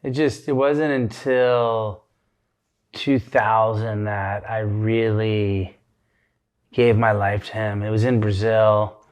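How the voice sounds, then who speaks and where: Laid-back soft-spoken male guest. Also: lowish voice, level tone, takes it slowly. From Florida, USA. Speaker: podcast guest, pro surfer. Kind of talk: casual podcast chat.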